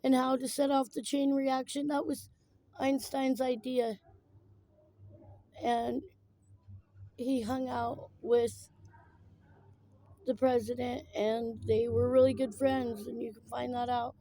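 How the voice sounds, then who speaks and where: A woman talking in a personal vlog, tearful after crying, rambling and halting with many fillers. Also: fairly high pitch, flat delivery, dark tone.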